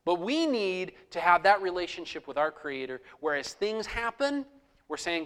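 Middle aged guy pastor giving a sermon, kinda high voice, chatty, acts out little prayers. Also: sing-song, normal speed, a bit bright, clear, resonant tone. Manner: conversational, acts out prayers aloud.

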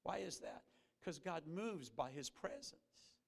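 A man preaching a sermon as a guest pastor, earnest, rising to emphatic peaks and then dropping low and slow. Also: sing-song, creaky, breathy edge. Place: church sanctuary. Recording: reverberant church hall.

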